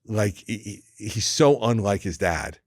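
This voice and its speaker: Older male guest, deep and dry, spins anecdotes with quick impressions. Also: dry recording. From United States. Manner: anecdotal, quotes others in lively impressions. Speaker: guest, former governor. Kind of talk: storytelling interview chat.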